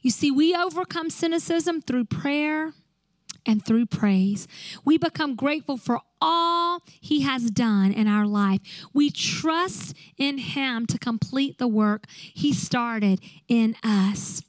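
High-voiced woman pastor preaching. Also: expressive, takes it slowly, no echo, low-quality recording. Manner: earnest, exhorting with rhetorical questions. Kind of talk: sermon and closing prayer.

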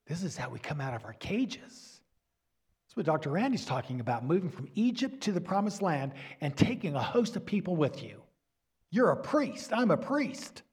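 Guy preaching a sermon, husky voice kinda high, earnest, goes soft and quiet sometimes. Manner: earnest, drops to soft near-whisper for emphasis. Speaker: pastor.

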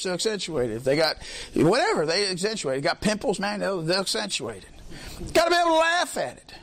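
A man preaching a sermon in a colloquial way, leading call-and-response with the congregation and often swelling into shouts. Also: high voice. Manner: colloquial, peppers lines with "amen", swells into shouts.

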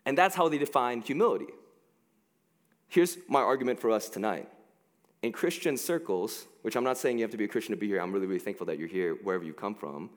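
A man preaching a casual, joking sermon into a headset mic, talking in an animated way with lots of fillers. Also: fairly low pitch, fast, big-room sound.

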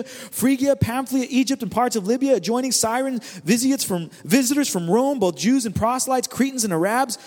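Guest preacher, man with a high voice, chatty and energetic, repeats lines for punch, long echo of a church hall. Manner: conversational and energetic, repeats phrases for emphasis. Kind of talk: sermon. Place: church service.

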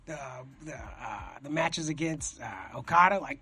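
Young male host, rambling and excitable, high and husky, swears freely. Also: unhurried. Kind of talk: casual chat.

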